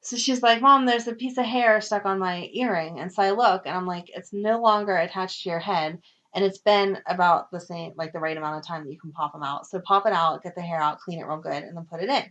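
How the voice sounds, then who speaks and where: A woman in her thirties co-hosting a podcast, telling family stories in a casual, animated way with frequent laughs. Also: on the low side, brisk. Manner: animated storyteller, laughs often. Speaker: podcast co-host. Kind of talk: casual chat. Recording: dull lo-fi audio.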